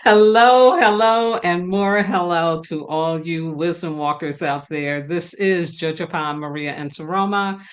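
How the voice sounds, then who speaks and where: Slow, tired New York woman praying. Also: deep voice. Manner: prayerful, repeating phrases in invocation. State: a little tired. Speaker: spiritual teacher and live-stream host. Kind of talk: unscripted live-stream talk and prayer.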